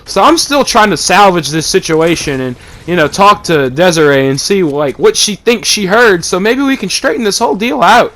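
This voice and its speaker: A man's voice: sits high, very animated, moderate pace, hardly any pauses, fairly bright tone. A man from East Texas, telling a rambling, profane story about his own life. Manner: rambling, swears a lot, acts out quotes.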